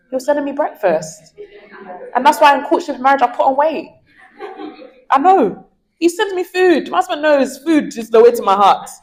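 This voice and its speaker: Lively woman in her 20s, candid interview guest, acts out quotes as she talks. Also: sits high, poor audio. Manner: animated storyteller, acts out quoted dialogue.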